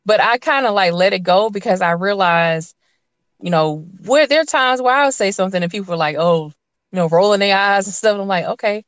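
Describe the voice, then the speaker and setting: A woman's voice: mid-range voice, brisk, no echo. A woman guest in a casual interview, telling stories animatedly and acting out what people said. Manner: animated storyteller, acts out quotes.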